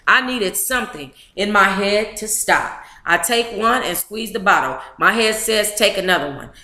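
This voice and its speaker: A woman's voice: mid-range voice, bright, forceful tone, reverberant. A woman reading a memoir aloud to a live book club chat, emotive and blunt, with profane asides.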